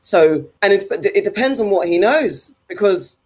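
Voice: medium pitch, lively intonation, normal speed, husky. A podcast co-host in casual chat, talking in a rambling, chatty way and laughing often.

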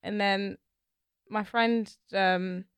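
A young woman co-hosting a podcast, telling stories in an animated, gossipy way. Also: medium pitch, drawn-out words, smooth, dry recording. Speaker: podcast co-host. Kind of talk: casual chat.

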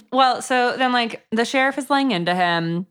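A woman's voice: fairly high pitch, expressive, moderate pace, fairly bright tone, smooth. A woman co-hosting a podcast, talking over a book in a casual, dry and offhand way, with some swearing. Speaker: podcast co-host. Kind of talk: casual book review chat.

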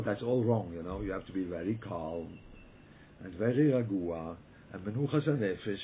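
A man leading a Torah study group over a video call, speaking emphatically and repeating himself, often restarting his sentences. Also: sits low. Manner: emphatic, repetitive, halting with frequent restarts. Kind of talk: Torah talk over a webinar. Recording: tinny phone-like call audio with faint noise.

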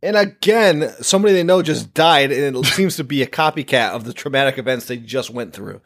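Husky, sardonic male podcast co-host. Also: mid-range voice, brisk, a bit bright. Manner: sardonic, emphatic, profane. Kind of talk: casual movie chat.

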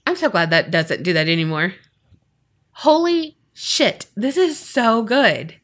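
A woman co-hosting a podcast, chatting casually and reading a listener's story aloud with expressive delivery. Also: medium pitch, takes it slowly. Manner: animated, expressive storytelling with lively reactions. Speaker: podcast co-host.

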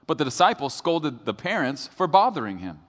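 A man's voice: fairly high pitch, fairly quick. A man preaching a sermon as pastor, telling a story with jokes and building to serious points. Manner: storytelling, animated and joking. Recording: long hall reverb.

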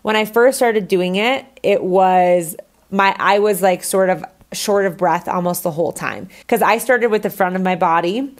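A woman's voice: mid-range voice, normal speed. Woman podcast host, casual solo talk, candid, chatty, filler-heavy. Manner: chatty, candid, says "like" a lot.

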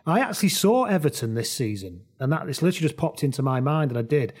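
A man hosting a casual football podcast, telling lively, jokey anecdotes. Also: medium pitch, fast talker, husky. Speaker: podcast host.

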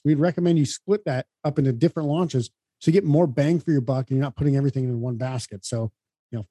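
A male podcast co-host gives brisk, upbeat advice at a quick clip. His voice is mellow and a little high. The recording is dry and close. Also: slightly rough, no echo. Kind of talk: casual explanatory podcast talk.

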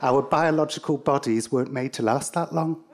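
A man's voice: mid-range voice, a crowd in the background, lightly acted. A man quoting a bewildered female robot. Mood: dazed. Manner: slow, halting, oddly disconnected replies.

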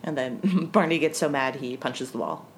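Woman, low voice, casual chat, laughs often, faint background hum. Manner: chatty, laughs often, quick agreeing interjections. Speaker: podcast co-host. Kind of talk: casual TV episode recap chat.

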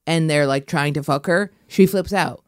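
A woman's voice: sits low, moderate pace. A woman talking on a podcast in casual chat, blunt and crude in her jokes.

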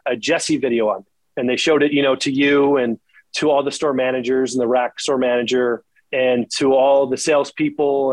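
A man's voice: medium pitch, no echo, rough recording. A man who works as a shoe salesperson, speaking in an earnest, heartfelt way and repeating words when he is moved. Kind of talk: emotional conversational interview.

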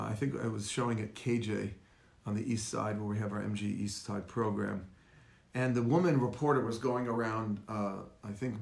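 Gravelly rabbi teaching online. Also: male voice, mid-range voice, reverberant. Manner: storytelling, rhetorical questions, welcomes viewers by name. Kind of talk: Facebook Live lecture.

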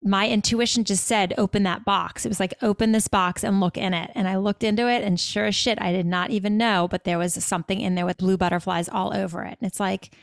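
A woman co-hosting a podcast, chatting casually and telling stories in an effusive, quick way, full of "like"s. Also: medium pitch, fairly even intonation, gravelly, no room sound, clean studio sound. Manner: effusive, quick storytelling with many "like"s. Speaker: podcast co-host. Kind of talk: casual chat.

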